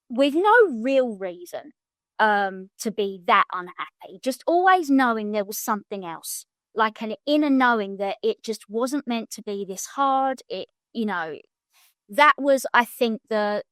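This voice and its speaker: Middle-aged Englishwoman, smooth clear voice. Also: medium pitch, animated, unhurried, a bit bright, dry recording. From England. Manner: thoughtful, with many hesitations. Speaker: guest, wealth mentor. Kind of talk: podcast interview.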